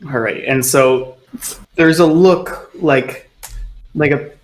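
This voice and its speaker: A man's voice: medium pitch, takes it slowly, rough recording. A man running a tabletop game as game master, narrating loosely with lots of "like" and "sort of".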